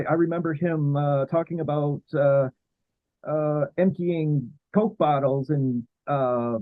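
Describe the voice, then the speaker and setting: A man talking as a guest historian in a casual interview, halting with many fillers and restarts. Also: medium pitch, no echo. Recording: tinny phone-like line.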